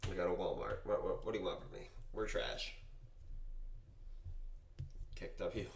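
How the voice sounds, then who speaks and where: A man's voice: low-pitched, big pitch swings, measured pace, vocal fry, a little hiss or hum. A young man from Massachusetts chatting casually on a live trading stream, rambling and joking at his own expense. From Massachusetts, USA. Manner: rambling, self-deprecating, joking.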